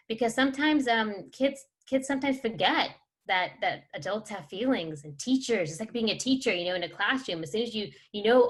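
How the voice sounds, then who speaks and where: A woman leads a parenting workshop in a relaxed, conversational voice. She fills her talk with ums and little laughs and slips into acted-out everyday scenes to make her points. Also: medium pitch. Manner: chatty, many fillers, laughs and acts out scenes. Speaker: workshop presenter.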